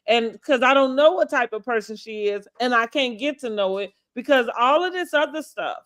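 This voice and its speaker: A woman co-hosting a casual reality TV recap, talking in an animated, sassy way and laughing often. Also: on the high side, normal speed. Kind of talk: casual chat.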